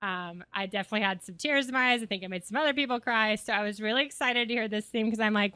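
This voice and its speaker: A woman's voice: mid-range voice, fast talker, few pauses, sharp tone, clear, resonant tone, no echo. A woman from the Gulf Coast introducing herself before telling a story live, casual and a little nervous. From local Gulf Coast. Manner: nervous, casual, hesitant with fillers. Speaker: nonprofit founder and storyteller. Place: live event on stage. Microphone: handheld microphone.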